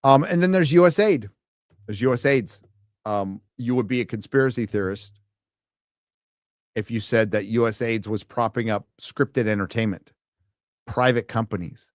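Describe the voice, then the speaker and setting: Guy ranting on his live stream, sweary and sarcastic, dry sound with no room echo, mid-pitched voice. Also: animated, normal speed. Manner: profane, sarcastic, combative.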